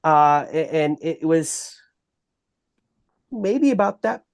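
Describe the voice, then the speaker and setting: A man with a Texan accent, a guest on a podcast, telling a long story in an animated, halting way full of restarts. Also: fairly high pitch, vocal fry, no echo, studio quality. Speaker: bigfoot researcher guest.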